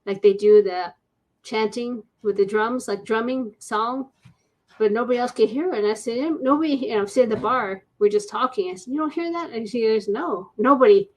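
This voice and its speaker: A woman's voice: a little high, fairly even intonation, normal speed, a little mellow. A woman guest on an interview show, a paranormal investigator telling stories in a chatty way and acting out the voices of people she quotes. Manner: chatty, acts out quoted voices, laughs often. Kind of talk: casual storytelling interview.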